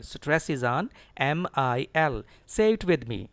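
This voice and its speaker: A middle-aged man teaching an English pronunciation lesson, slowly drilling words with his students through repetition. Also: fairly high pitch, big pitch swings, creaky, dry recording.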